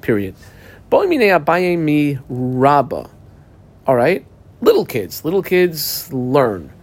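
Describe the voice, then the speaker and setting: A slightly higher-voiced man leads a Talmud class and talks through the text step by step. He often stumbles and restarts his phrases, and pauses to tell students which words to underline and mark. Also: very animated. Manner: halting restarts, dictates markings to students. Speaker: Talmud teacher.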